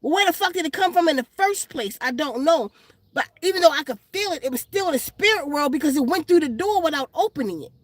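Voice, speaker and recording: A woman's voice: high-pitched, expressive, quick pace, no room sound. A woman vlogger telling a story in casual, blunt, profane street slang, outdoors in the sun.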